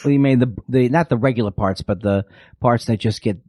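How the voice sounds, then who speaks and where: A middle-aged man guesting on a podcast, talking in a halting, rambling way. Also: mid-range voice, mellow, dry recording, studio quality. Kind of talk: casual chat.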